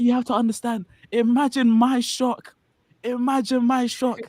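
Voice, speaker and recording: A man's voice: very high-pitched, dry recording. A man from Nigeria, chatting casually on a stream, telling stories with lots of laughs and a lot of "bro". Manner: animated storytelling, laughs often, says bro a lot. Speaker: stream co-host. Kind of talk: casual chat.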